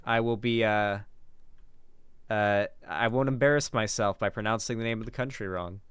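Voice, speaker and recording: Dry, clear-voiced male commentator. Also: fairly low pitch, normal speed, a bit bright, no echo. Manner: casual, chatty, sarcastic asides. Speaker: commentary channel host. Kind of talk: reacting to a debate clip.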